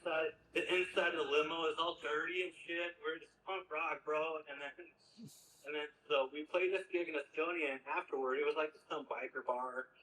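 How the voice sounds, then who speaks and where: A man's voice: fairly high pitch, steady tone, a little fast, pushed and bright, reverberant, a little hiss or hum, poor audio. A man telling rambling stories as an interview guest, full of fillers and casual slang. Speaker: interview guest, former band drummer.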